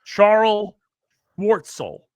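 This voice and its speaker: A man's voice: high-pitched, big pitch swings, drawn-out words, a little mellow, dry recording. A man co-hosting a casual podcast, who teases the other host and quizzes him.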